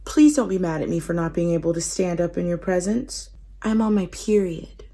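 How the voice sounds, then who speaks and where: A woman's voice: fairly low pitch, normal speed, mellow. A woman doing a coy, sly young daughter. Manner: sweet, apologetic, coy.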